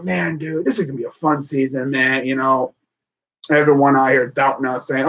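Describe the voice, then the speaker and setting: A young man talking sports in a casual, excitable, rambling way, with plenty of trash talk. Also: mid-range voice, normal speed, gravelly, dull audio. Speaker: sports fan streamer.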